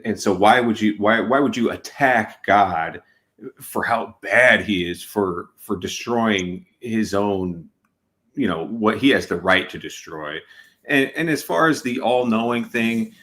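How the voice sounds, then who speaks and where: A man's voice: lowish voice, a bit bright. A man giving his closing comments in a debate, talking casually and argumentatively with many fillers. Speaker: debate participant.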